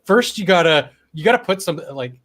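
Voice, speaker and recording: A man's voice: sits high, lively intonation, normal speed, fairly bright tone, a little hiss or hum. A man hosting a casual late-night stream, his throat worn and stuffed up from long talking. He rambles, coughs now and then and swears casually. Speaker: stream host.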